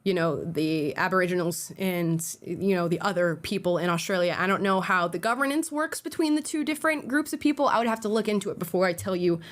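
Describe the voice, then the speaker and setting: A woman's voice: lowish voice, lively intonation, brisk, few pauses. A young woman co-hosting a live talk show, chatting casually and hedging her opinions with lots of "like" and "I don't know". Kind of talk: casual live-stream chat.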